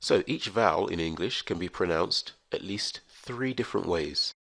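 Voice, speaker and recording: A man with a very low, gravelly voice leads a scripted pronunciation lesson. He talks slowly and enunciates every letter and sound with care. The recording is dry and close. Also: lively intonation, a bit bright, no room sound. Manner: slow, careful, enunciated delivery. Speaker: English teacher.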